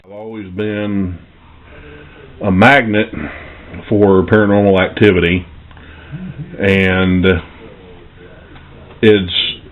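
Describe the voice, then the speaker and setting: A middle-aged man slowly recounting a childhood ghost encounter in a reflective, pausing way. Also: lowish voice. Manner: slow, reflective storytelling with pauses. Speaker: paranormal investigator. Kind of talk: recounting a personal ghost story. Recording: tinny phone-like audio.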